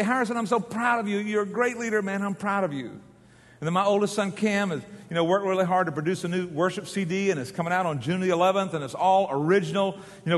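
A man's voice: high voice, a bit bright, in a large hall. A middle-aged male pastor preaching with passion and leading his congregation in call and response. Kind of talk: sermon.

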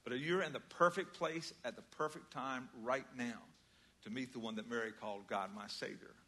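An older man preaching a sermon, conversational and storytelling, moving between loud emphasis and quiet asides. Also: mid-range voice, normal speed. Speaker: pastor.

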